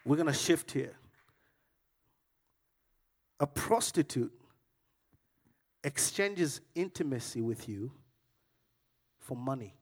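A man preaching a sermon in church, telling a story in a lively way that climbs to loud, excited peaks. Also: medium pitch, slow, pauses often. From Africa.

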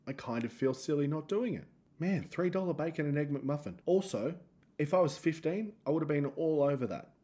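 Man, Australian accent, comedian, solo podcast monologue, rambling, self-deprecating, warm mellow voice. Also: medium pitch. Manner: rambling, self-mocking, jokey asides.

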